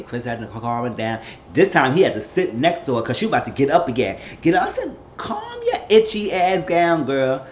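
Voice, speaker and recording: Rambling man recapping in an echoey room. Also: mid-range voice. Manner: rambling, acts out quotes. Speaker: recap vlogger. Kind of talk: casual show recap. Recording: dull roomy home recording with faint hum.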